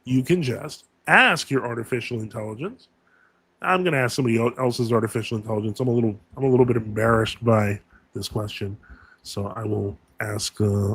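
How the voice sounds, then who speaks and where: A man's voice: mid-range voice, slightly rough, no echo. A man hosting a casual live Q&A stream, talking in a rambling way with many fillers and self-corrections.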